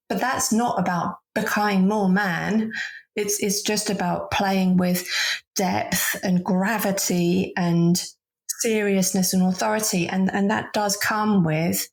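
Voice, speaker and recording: A woman coach speaking in a relaxed podcast interview, her mid-range voice carrying a gravelly fry. She talks thoughtfully, circling back on her words with easy laughs. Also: medium pitch. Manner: thoughtful, with frequent restarts and soft laughs. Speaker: guest, voice and leadership coach.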